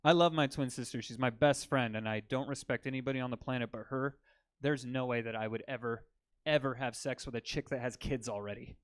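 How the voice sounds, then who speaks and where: A man doing a stand-up comedy set in a comedy club, telling crude jokes with deadpan delivery and bantering with the crowd. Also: mid-range voice, brisk, clean tone, no echo.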